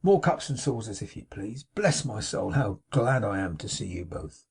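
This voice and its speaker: An overjoyed, flustered young man gushes in eager, raised exclamations, his voice husky and bright with delight, as a male audiobook narrator puts him on. He tumbles from greeting to greeting in a kindly, breathless rush. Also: on the low side, sing-song, normal speed, exaggerated voice.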